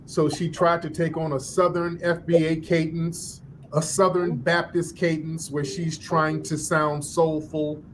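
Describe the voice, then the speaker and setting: A man's voice: on the high side, little pitch movement, a little slow, slight background noise. Sarcastic man hosting a commentary show. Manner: sarcastic, mimics a preaching voice. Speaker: show host. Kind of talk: mocking news commentary.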